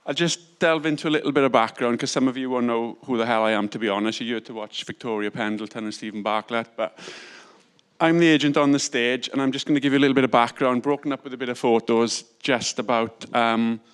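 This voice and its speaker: Humble, hurried man speaking at a conference. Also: mid-range voice, fairly even intonation, clean tone. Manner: humble, self-deprecating and a bit hurried. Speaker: estate agent giving a talk. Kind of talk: conference talk. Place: conference stage.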